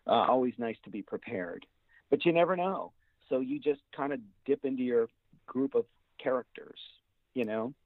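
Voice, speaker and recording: A man's voice: medium pitch, normal speed, no echo. A man, a voice actor guest, talking casually in an interview, rambling with many fillers and restarts. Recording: tinny dry phone line.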